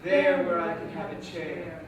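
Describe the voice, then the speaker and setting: A woman's voice: on the low side, flat delivery, unhurried, highs cut off, heavy background noise, close to an everyday voice. An actress playing a frightened young woman lost in the wild woods, pleading and repeating herself in a stage play. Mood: fearful. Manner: anxious, pleading, repetitive stage speech. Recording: echoey stage audio from a distant mic.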